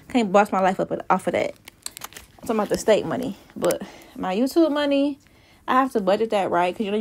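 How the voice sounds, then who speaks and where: A woman in her twenties talking casually and bluntly to her phone camera, swearing freely and sounding a bit out of breath. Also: medium pitch. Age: 20s. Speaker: vlogger. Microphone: phone mic with earbud.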